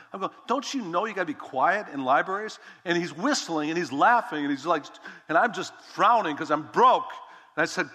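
Animated man preaching in a reverberant hall. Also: on the high side. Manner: animated storytelling, repeats words, acts out quotes. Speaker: pastor. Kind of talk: sermon with personal story.

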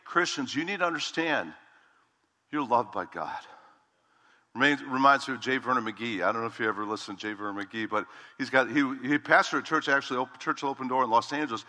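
A middle-aged man preaching a sermon as a pastor, emphatic, slowing down and stretching key words for weight. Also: medium pitch, pushed and bright, long reverb tail.

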